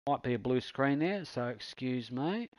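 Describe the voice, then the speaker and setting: A man's voice: medium pitch, expressive, moderate pace, a little mellow, no echo, low-quality recording. A man hosting an online racing league, chatting casually and matily with drivers after a race, with lots of fillers. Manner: chatty, matey, many fillers. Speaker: esports league host. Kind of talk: casual post-race commentary and chat.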